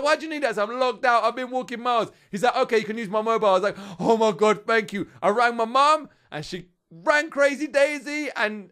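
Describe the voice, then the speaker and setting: Chatty high-voiced British man. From United Kingdom. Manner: chatty and excitable, talks straight to viewers as "guys". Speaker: gaming channel host. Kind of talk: casual gameplay commentary.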